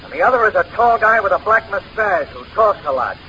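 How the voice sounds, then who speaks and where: A man's voice: high-pitched, lively intonation, brisk, a little hiss or hum. An actor playing a stern, suspicious male ship's officer in an old radio comedy. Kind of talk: 1930s radio comedy acting. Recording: dull old radio recording.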